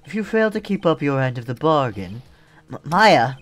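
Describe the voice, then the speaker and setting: A man voicing a soft-spoken, courteous male assassin with mannered politeness, reading game dialogue aloud on a stream. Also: a little high, sing-song, normal speed, pitched above the performer's own voice. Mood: polite menace.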